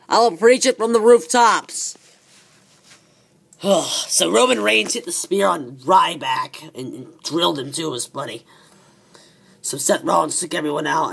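Male reviewer, profane rant, husky gravelly voice, excitable. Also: high voice. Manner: excitable, swearing, repeats words. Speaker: wrestling show reviewer.

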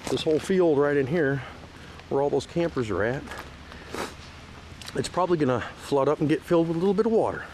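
A man's voice: on the high side, expressive, fairly quick, long pauses, a little mellow, a little hiss or hum. A man on a one-take outdoor park tour, talking in a rambling, hesitant way with lots of fillers, at times heated and at times choked up. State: emotional, teary at times. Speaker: vlogger giving a park tour. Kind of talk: casual one-take outdoor vlog talk. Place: outdoors at a lakeside state park.

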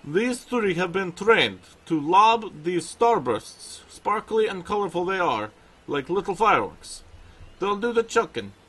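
A man's voice: high voice, very animated, measured pace, bright, forceful tone, slightly rough, voice pushed up, full character voice. A man voicing a kindly, chatty male bear trainer with a put-on Russian accent and old-fashioned phrasing, reading game dialogue aloud. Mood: cheerful.

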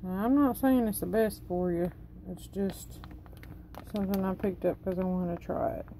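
A woman's voice: mid-range voice, moderate pace, warm tone, slight background noise, rough recording. A tired woman who is losing her voice, chatting casually in her kitchen and reading cooking instructions aloud. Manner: rambling, chatty, reads package instructions aloud. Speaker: cooking vlogger. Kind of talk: casual cook-along chat. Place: home kitchen.

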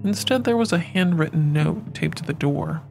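Male horror narrator over loud music. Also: a little high, expressive, normal speed, gravelly. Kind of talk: scripted horror story narration.

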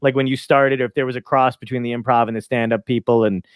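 A man's voice: mid-range voice, steady tone, fast, dry recording, clean studio sound. A man hosting a podcast, telling stories in a loose, laughing way with plenty of swearing. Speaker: podcast host. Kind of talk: casual chat.

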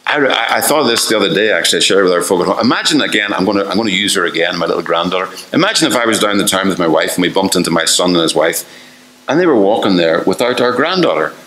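A man's voice: sits low, expressive, very fast, a bit bright, echoey room, poor audio. An older man preaching a fervent sermon, asking the listeners one rhetorical question after another and acting out the voices he quotes.

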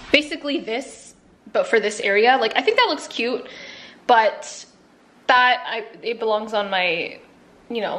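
A giggly young Canadian woman chats away at home to her vlog camera, her voice sitting a little high. She fills her talk with easy fillers and laughs. A faint hum of room noise sits behind her. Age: 20s. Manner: chatty, giggly, lots of "like" fillers. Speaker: vlogger. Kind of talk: casual vlog chat. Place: at home in an apartment.

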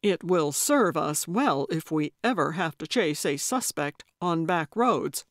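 A woman's voice: low voice, expressive, measured pace, dry recording, clean studio sound. A woman voicing an old man, terse at times and easily delighted. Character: cheerful old man, theme park fan.

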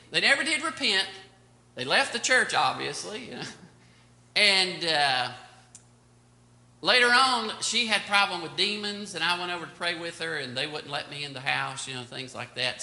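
Older pastor, bright and echoey. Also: male voice, sits high. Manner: rambling storytelling with many fillers. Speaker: pastor teaching Sunday school. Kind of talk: anecdotal Bible lesson. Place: church classroom. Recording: echoey room.

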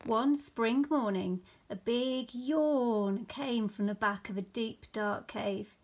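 Woman reading a bedtime story. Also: a little high. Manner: slow, expressive storytelling. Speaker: teacher. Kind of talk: reading a bedtime picture book aloud.

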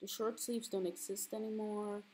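A woman's voice: medium pitch, flat delivery, moderate pace, darkish tone, rough recording. A woman in her twenties chatting casually while drawing on stream, swearing freely and breaking into squealing laughs when flustered. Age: 20s. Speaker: streaming artist.

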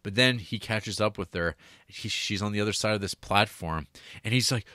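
A man's voice: on the low side, moderate pace, pushed and bright, no echo, studio quality. A man co-hosting a podcast, chatting casually, laughing often and mimicking characters in mocking voices. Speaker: podcast co-host. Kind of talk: casual chat.

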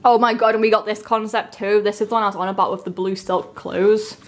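A young woman, chatting casually and gushing with excitement as she unboxes albums. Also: medium pitch, quick pace, slight background noise. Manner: gushing, excitable, breaks into gasps and soft whispers.

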